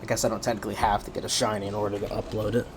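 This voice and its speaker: A man's voice: lowish voice, level tone, rapid-fire, background noise. A man streaming and talking to himself in a casual, rambling way, tired and yawning, often restarting his sentences. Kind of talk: casual solo stream commentary.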